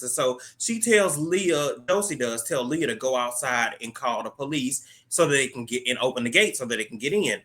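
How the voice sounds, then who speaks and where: Animated, bright-voiced man recapping a show. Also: medium pitch, normal speed. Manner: slangy, joking retelling with quoted dialogue. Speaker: host of a TV recap channel. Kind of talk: casual episode recap.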